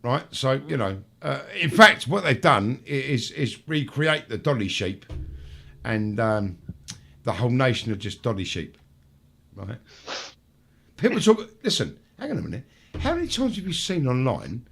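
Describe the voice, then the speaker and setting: A man hosting a live-streamed talk show, ranting and swearing nonstop and slipping into high mocking voices when he quotes people. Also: very animated, moderate pace, creaky, pushed and bright, husky. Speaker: show host.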